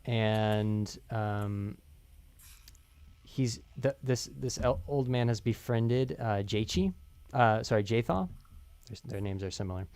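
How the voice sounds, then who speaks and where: Smooth-voiced man directing voice actors. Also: on the low side, slow, a little mellow, no echo. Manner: explains lines patiently, many fillers. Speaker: writer and voice director. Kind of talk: directing a voice recording session. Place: recording studio.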